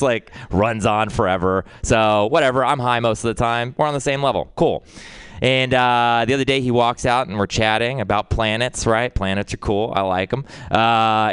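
A young male comic rambles through an open mic set, mocking himself and leaping up in pitch for punchlines. His voice is smooth and resonant, heard dry and close. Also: fairly bright tone, no echo. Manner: rambling, self-deprecating, jumps pitch for punchlines. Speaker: stand-up comedian.

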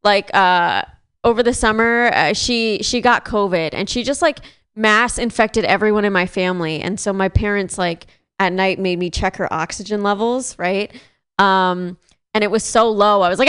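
A young woman in her twenties doing a rambling, deadpan stand-up set on a club stage mic. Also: medium pitch, moderate pace, clear, resonant tone. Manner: deadpan, rambling, self-deprecating. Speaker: stand-up comedian.

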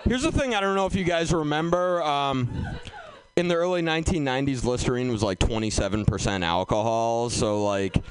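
A man's voice: mid-range voice, a little fast, clear, resonant tone. A man hosting a comedy show and telling a stand-up story in a loose way, with lots of fillers. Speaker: comedy show host and comic.

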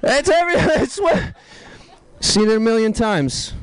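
A man doing a stand-up comedy set, telling dark jokes deadpan and tossing asides to the crowd. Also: very high-pitched, a little slow, low-quality recording.

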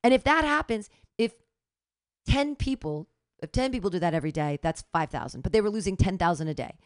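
A woman co-hosting a podcast, telling stories in a lively, indignant way. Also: on the low side, a little fast, no room sound, clean studio sound. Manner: animated, indignant storytelling. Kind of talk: casual chat.

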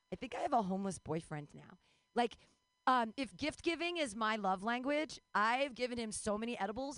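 A woman's voice: mid-range voice, smooth, no echo. A woman in her forties doing a rambling, bawdy stand-up comedy set, breaking into squeals and laughs. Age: 40s.

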